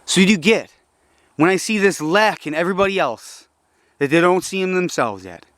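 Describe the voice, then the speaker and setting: A man's voice: animated, moderate pace, fairly bright tone, no echo. Agitated, profane young man ranting. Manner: agitated, profane, swings between preachy and low frustrated mutters. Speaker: vlogger. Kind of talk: casual rambling monologue.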